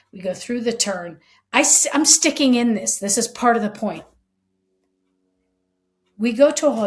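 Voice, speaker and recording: A middle-aged woman, a former police chief co-hosting a podcast, tells a story in casual chat, acting out the lines of the people in it and swearing freely. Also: medium pitch. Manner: animated storyteller, acting out quoted lines, frank and profane.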